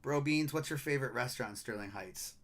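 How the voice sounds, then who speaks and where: A man's voice: medium pitch, quick pace, a bit bright. Chatty middle-aged man with Michigan accent. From Michigan, USA. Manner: upbeat, chatty, rattles off player names. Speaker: card break streamer. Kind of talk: casual live-stream patter.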